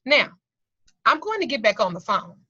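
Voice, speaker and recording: Bright-voiced woman telling blunt stories. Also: fairly high pitch, big pitch swings, normal speed, no room sound. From Southern United States. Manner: blunt, profane, theatrical storyteller. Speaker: occult class teacher. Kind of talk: profane storytelling in an online class. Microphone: video call. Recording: dull lo-fi video-call audio.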